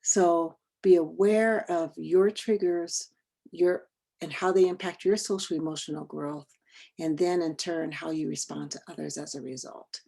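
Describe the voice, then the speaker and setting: A woman leading a training session over a video call, talking conversationally and quizzing her group with quick questions. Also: low voice, steady tone, vocal fry, warm tone. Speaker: workshop trainer.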